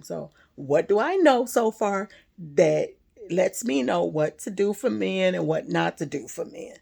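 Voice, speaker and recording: A woman talks through a personal story in a loud, animated way, breaking into laughter again and again. Her voice has a gravelly edge, and her pitch swings widely. She takes her time, drawing out her words. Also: measured pace. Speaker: spiritual vlogger. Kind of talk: casual monologue.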